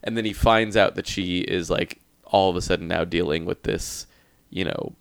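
A man's voice: low-pitched, steady tone, moderate pace, gravelly, clean tone, no echo. A man in casual chat giving blunt opinions, with casual swearing.

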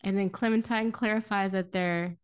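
A woman co-hosting a podcast, recapping a film in casual chat, animated, laughing often and swearing freely. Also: medium pitch, normal speed, smooth.

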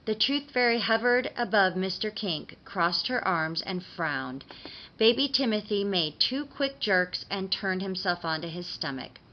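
A woman narrating a dark fairy-tale story as a steady reader, on slightly dull audio. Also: mid-range voice, a little slow.

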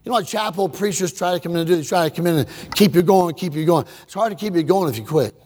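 A man preaching a sermon, telling a story dramatically and questioning the congregation, swinging from shouts to hushed words. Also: high-pitched, expressive, fast talker. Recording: preacher in a large hall with long reverb.

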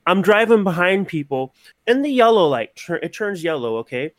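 On a studio microphone with no echo, a young podcast co-host rants expressively about things that annoy him, swearing casually as they chat. His voice is high-pitched and sing-song, at a moderate pace.

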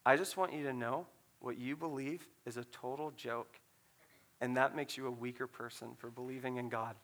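A man voicing a skeptical stranger who bluntly challenges a pastor with rapid-fire questions. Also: mid-range voice, steady tone, a bit bright, lightly acted. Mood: scornful.

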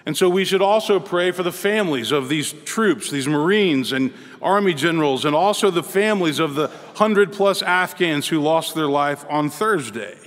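Male pastor, high voice, earnest measured sermon delivery, recorded with long hall reverb. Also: animated, fairly bright tone. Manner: earnest, measured preaching with pauses.

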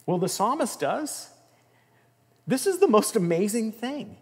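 A man's voice: high-pitched, big pitch swings, unhurried, breathy edge. Earnest man preaching in a reverberant hall. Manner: earnest, emphatic, with swells of intensity and soft drops. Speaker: pastor. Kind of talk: sermon. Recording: long reverb of a large room.

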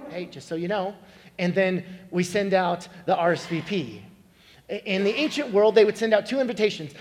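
A man preaching a sermon, explaining scripture and telling a joke, acting out its voices as a storyteller. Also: high voice. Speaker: pastor. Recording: echoey hall with long reverb.

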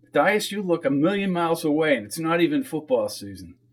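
Chatty small-town waitress, read by a man; gossipy, pitched up. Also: sing-song, brisk.

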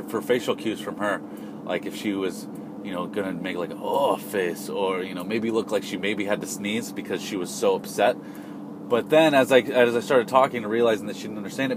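A man's voice: on the low side, background noise. A man telling a casual personal anecdote in a rambling, self-deprecating way, often restarting his sentences. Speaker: storyteller.

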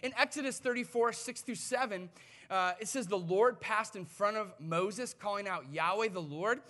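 A pastor in his thirties preaching a sermon, telling family stories and moving from hushed asides to loud, emphatic lines. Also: high-pitched, moderate pace. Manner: storytelling, swings from hushed to loud.

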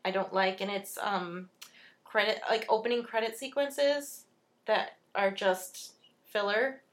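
A woman's voice: medium pitch, unhurried. A woman in a casual movie-review chat, giving her opinions as she thinks them through. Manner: opinionated, thinks aloud with fillers.

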